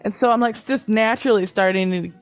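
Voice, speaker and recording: Brief: woman co-host, mid pitch, playful and teasing, slightly muffled recording. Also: clear, resonant tone, soft background music. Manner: excitable, jokey, quick to tease. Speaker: podcast co-host. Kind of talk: casual chat.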